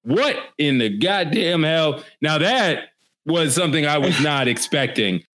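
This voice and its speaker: A man's voice: a little high, lively intonation, a little slow, a bit bright. Brash man hosting a sports podcast. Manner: brash, swears, laughs while reading. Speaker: podcast host. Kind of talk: casual sports podcast chat.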